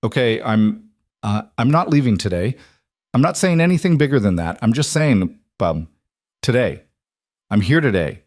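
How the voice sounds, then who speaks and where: A man's voice: medium pitch, expressive, moderate pace, a little mellow, dry recording, clean studio sound, close to an everyday voice. A man voicing a guarded, shaken young woman who breaks off and restarts her sentences. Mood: tentative.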